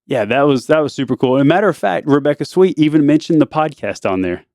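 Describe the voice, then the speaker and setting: A man's voice: fairly high pitch, lively intonation, fast talker, darkish tone, dry recording, studio quality. A man hosting a family podcast as the dad, chatting in a casual, teasing way with a mock news-anchor flair.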